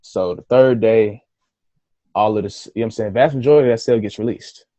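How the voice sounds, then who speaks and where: A man guest on a podcast, telling a story in a casual, animated way, swearing freely and acting out his own reactions. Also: lowish voice, a little fast, dry recording, lo-fi sound.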